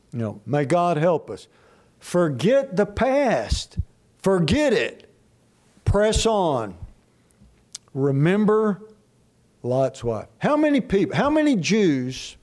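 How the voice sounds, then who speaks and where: An older man delivers a sermon in a high-pitched voice. He takes his time, leaving long pauses and repeating lines for weight. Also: a little mellow. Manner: slow, drawn-out preaching with long pauses and emphatic repeats. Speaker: pastor.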